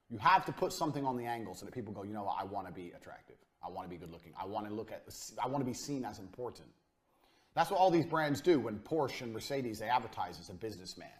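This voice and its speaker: A man giving a business lecture to a live audience, blunt and profane, hammering his points home through repetition. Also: mid-range voice. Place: university lecture room.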